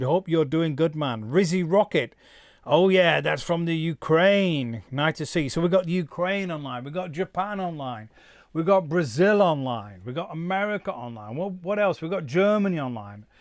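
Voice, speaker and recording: A man's voice: on the high side, expressive, normal speed, dry recording, studio quality. Chatty man hosting a stream. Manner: rambling, reads chat comments aloud, drops into German. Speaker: musician hosting a live stream. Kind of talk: casual live-stream chat.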